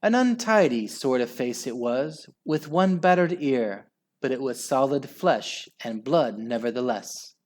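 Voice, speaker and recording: A man reading a children's book aloud with slow, expressive storytelling. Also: medium pitch. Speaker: storybook reader.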